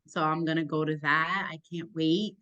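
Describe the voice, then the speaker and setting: A young woman with a low, deep voice and a thick accent talks about her work. She sounds eager, grateful and animated, and her speech rushes forward in bursts. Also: dull audio. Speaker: sports podcaster and journalist. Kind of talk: casual interview answers.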